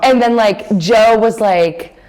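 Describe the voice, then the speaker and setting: A woman's voice: fairly high pitch, takes it slowly, low-quality recording. A young woman, a student intern, chatting casually on a podcast and telling stories with lots of quoted voices. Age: young adult. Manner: chatty storyteller, quotes others in animated voices.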